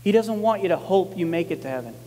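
A male pastor preaching a sermon in a conversational, emphatic way, repeating key lines and getting animated when he quotes people. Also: sits high, quick pace, long reverb tail.

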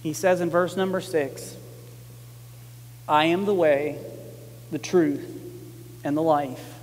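A male pastor preaching a sermon in a conversational, emphatic way, repeating key lines and getting animated when he quotes people. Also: a little high, slow, in a large hall.

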